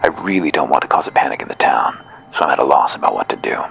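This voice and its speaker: Man plays flustered fussy mayor, prim politeness, lively pitch swings. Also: fast, creaky, exaggerated voice. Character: flustered fussy woman village mayor, nervous.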